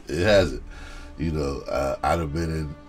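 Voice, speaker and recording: Deep-voiced comedian telling a story. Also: male voice, expressive, slow pace, a bit bright, soft background music. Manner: loose and profane, laughs often, frequent "you know". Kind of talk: casual storytelling.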